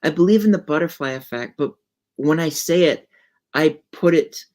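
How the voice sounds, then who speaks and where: A woman hosts a podcast and muses in casual conversation. She slips into storytelling and restarts her phrases as she goes. Her voice sits fairly low for a woman. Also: normal speed, darkish tone. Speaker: podcast host.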